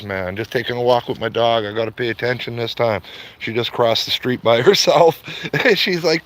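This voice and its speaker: On a livestream, a man walks his dog around his neighborhood streets, rambling casually, repeating greetings and calling everyone "man." He's a street auditor with a medium-pitched, clear, resonant voice and a slightly slow delivery.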